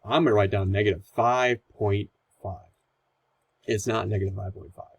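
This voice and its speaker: A man's voice: on the low side, fairly even intonation, moderate pace, creaky, slight background noise, rough recording. A man teaching a recorded math lesson, explaining calculator steps in a casual, conversational way.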